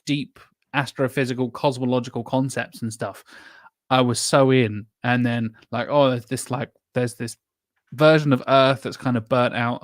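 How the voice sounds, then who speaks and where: A man's voice: mid-range voice, no echo, clean studio sound. A man in casual film chat who talks in an exasperated way, with sarcastic asides and swearing. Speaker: podcast co-host.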